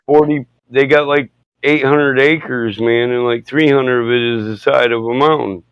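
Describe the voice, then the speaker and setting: A man chatting casually on a podcast, telling rowdy stories, swearing often and acting out quoted people loudly. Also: medium pitch, fairly even intonation, moderate pace, clean tone, dry recording, muffled recording. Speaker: podcast host. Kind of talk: casual chat, storytelling.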